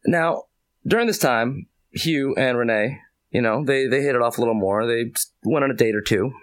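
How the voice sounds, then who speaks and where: A man's voice: mid-range voice, normal speed. A man loosely recapping a story for his co-hosts, rambling with many fillers. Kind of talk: comedic plot recap.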